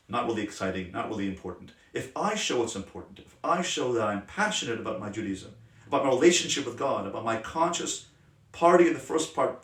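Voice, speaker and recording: Rabbi guy teaching a class, passionate then soft, sounds far off in an echoey room. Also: mid-range voice. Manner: passionate, emphatic, drops to soft gentle tones. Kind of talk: Torah class on parenting. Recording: roomy sound from a distant mic.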